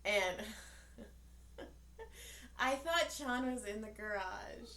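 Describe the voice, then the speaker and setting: A woman's voice: a little high, animated, drawn-out words, bright, forceful tone. A woman in her forties, a podcast co-host, tells a story in casual chat, acting out the voices of the people in it and swearing freely. She sounds tired. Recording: echoey room.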